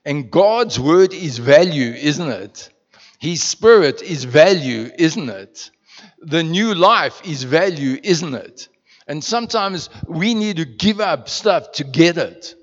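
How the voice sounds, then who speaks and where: A man's voice: a little high, lively intonation, takes it slowly. A man from South Africa, preaching in a slightly raised voice as a pastor. He speaks conversationally, asks his congregation many rhetorical questions and repeats words as he goes. The sound is muffled and carries a long echo from the church hall. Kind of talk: sermon.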